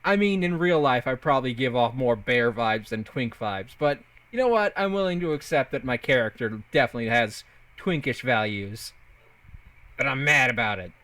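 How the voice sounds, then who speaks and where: Animated, laugh-prone male streamer. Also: mid-range voice, moderate pace, hardly any pauses, no echo. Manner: playful, jokey, laughs often. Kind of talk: casual live-stream chat while gaming.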